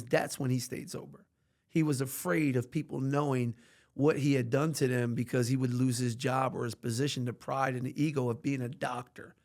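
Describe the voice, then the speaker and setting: A man talking candidly as a podcast guest about his recovery, earnest and animated, with casual slang and cussing. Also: a little high, gravelly.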